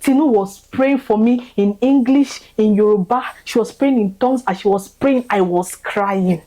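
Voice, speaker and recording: Speaking at normal speed in a mellow, mid-range voice, a young woman delivers a fervent, emotional testimony of gratitude. She keeps repeating herself, and her voice rises as the feeling grows. The recording is low quality.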